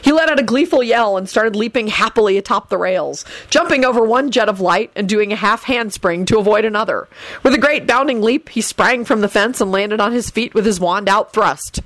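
A woman reading a story aloud as narrator, animated and switching into character voices. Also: mid-range voice, brisk, dry recording. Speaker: audiobook narrator.

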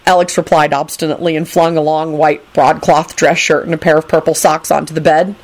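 A woman's voice: lowish voice, fairly quick, few pauses. A woman reading a story aloud, narrating expressively.

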